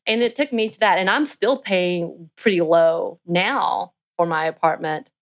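Podcast co-host, woman in her thirties, lowish voice, animated, talks through ideas with fillers. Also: unhurried. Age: 30s. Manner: animated, thinking aloud with fillers. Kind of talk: casual podcast discussion.

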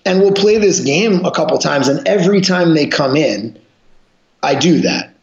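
A man's voice: a little high, expressive, normal speed, gravelly. A man talking as a guest on a casual podcast, swearing freely and telling blunt stories about coaching. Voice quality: profane, blunt storytelling. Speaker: guest, jiu-jitsu gym owner and coach. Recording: echoey room, dull lo-fi sound.

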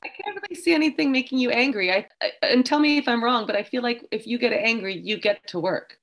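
A woman's voice: fairly high pitch, fast, a bit bright. A woman interviewing her guest in a playful, admiring way and asking leading questions. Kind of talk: friendly interview.

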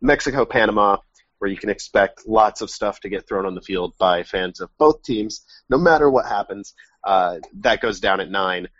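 A man's voice: fairly low pitch, moderate pace, no room sound, highs cut off. A man hosting a casual sports podcast over a remote call, talking wryly and correcting himself as he goes. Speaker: podcast host. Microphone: remote call mic.

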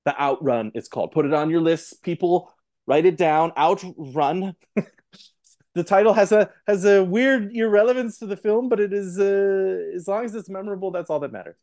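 A man's voice: high voice, moderate pace, darkish tone. A man guest on a film podcast, talking casually and animatedly, often acting out what others say.

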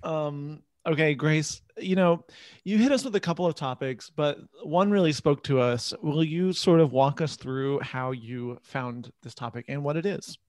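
A podcast co-host in casual chat, teasing in a wry, deadpan way. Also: mid-range voice, normal speed, no room sound, clean studio sound.

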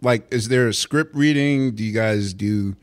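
A man interviewing a guest, asking questions in a casual, halting way. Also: lowish voice.

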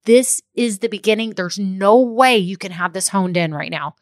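A woman's voice: medium pitch, moderate pace, dry recording, clean studio sound. Upbeat, emphatic woman business coach. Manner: emphatic and upbeat, repeats key phrases, checks in with "okay?". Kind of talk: motivational direct-to-listener talk.

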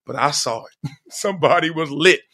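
A middle-aged man hosts a podcast, telling a comic story in an animated way, laughing often and acting out quoted voices. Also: a little high, moderate pace. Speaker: podcast host. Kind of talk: comedic storytelling monologue.

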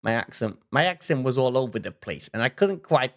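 A man's voice: medium pitch, very animated, fairly quick, a bit bright. A man co-hosting a casual podcast chat, telling a long story with frequent restarts and fillers. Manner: rambling storyteller, many restarts and "like"s. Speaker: podcast co-host.

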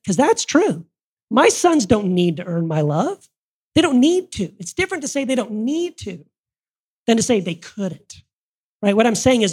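Recorded before a live audience, this woman's podcast hosting is earnest and casual, with frequent sentence restarts. She sounds very animated, with a fairly high pitch, darkish tone, breathy edge, and moderate pace.

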